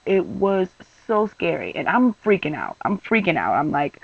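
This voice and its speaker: Young norcal guy venting on his vlog, gravelly voice, rambly and fed up, dull lo-fi mic kinda far off. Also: high voice, big pitch swings, unhurried, hardly any pauses, no echo. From San Francisco Bay Area. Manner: rambling, exasperated storytelling with many fillers. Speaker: vlogger.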